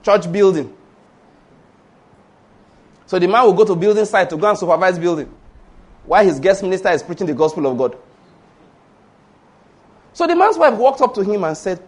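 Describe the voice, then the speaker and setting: Male preacher, high voice, emphatic sermon storyteller. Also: animated, normal speed, pauses often. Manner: storytelling, emphatic, rhetorical questions.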